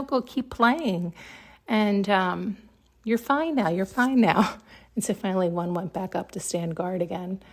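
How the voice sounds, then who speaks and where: A woman hosting a podcast, telling a story in a chatty, excitable way and laughing often. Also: lowish voice, gravelly, husky. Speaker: podcast host. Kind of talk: casual storytelling monologue.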